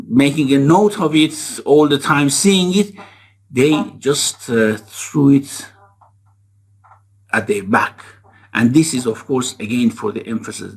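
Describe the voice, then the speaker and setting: A man lecturing on scripture in a measured, explanatory way, reciting verses quickly between his explanations. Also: mid-range voice, breathy edge. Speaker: Quran lecturer. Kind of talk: religious lecture.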